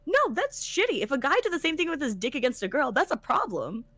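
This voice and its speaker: Quick-paced and high-voiced, with no echo, a podcast co-host tells a story in a casual chat as a tournament organizer. Her retelling is animated and emphatic, and she swears freely.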